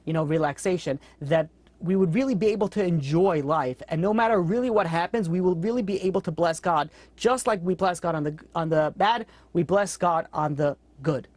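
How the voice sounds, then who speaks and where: A man speaking as a rabbi teaching a class gives a storytelling sermon, earnest and animated, in a slightly high voice at a slightly fast pace. His talk is casual, with fillers and restarts, and the recording sounds dry and close, with no echo.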